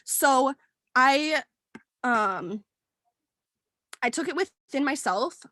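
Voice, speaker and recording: A young woman in her twenties, on a team at work, shares a heartfelt personal story in a meeting, her high, sharp voice close to tears. She speaks very slowly but animatedly, full of fillers and restarts, in a dry room with no echo.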